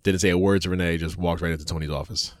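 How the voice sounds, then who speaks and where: A man's voice: deep voice, steady tone, fast talker, no echo, clean studio sound. A man co-hosting a casual wrestling podcast, loose and jokey, laughing often. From New York State. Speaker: podcast co-host.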